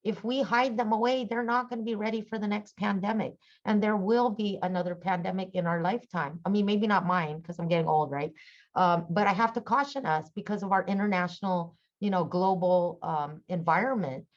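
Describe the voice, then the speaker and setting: A middle-aged woman speaking as a conference panelist, earnest and halting with many fillers. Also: mid-range voice, lo-fi sound. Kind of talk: conference presentation.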